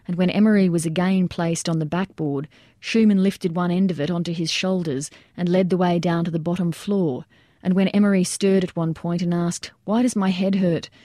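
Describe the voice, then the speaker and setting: A woman with a lowish, mellow voice reads a scripted nonfiction account. She tells it in a measured, plain way, and the recording is close and dry with no room sound. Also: fairly even intonation, no room sound. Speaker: narrator.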